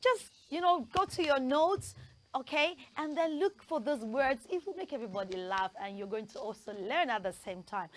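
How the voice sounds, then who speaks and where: A woman with a high-sitting voice teaches children pronunciation, spelling words letter by letter and leading lively call-and-response drills.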